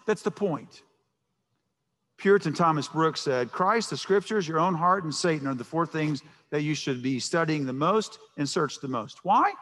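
A man's voice: high voice, fairly bright tone. A man preaching a sermon as pastor, emphatic and prone to repeating words as he starts a thought, recorded in a church sanctuary. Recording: long reverb of a large hall.

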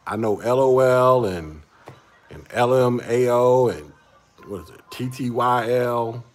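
Unhurried and medium in pitch, this man in his forties runs a casual livestream, going through chat and talking with viewers. He tends to ramble, say words twice, and chuckle often.

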